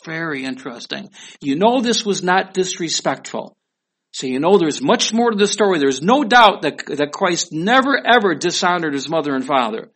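Guy giving a sermon, slightly high voice, talks casual and keeps asking the congregation stuff. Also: animated, normal speed, a bit bright. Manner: conversational, asks the audience questions. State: weak voice. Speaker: pastor.

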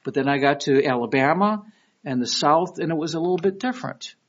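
Brisk and on the high side, this man's voice comes through a dull lo-fi recording. He's a middle-aged Detroit-accented pastor from Michigan delivering a sermon like a conversation, telling stories and animating the voices he quotes.

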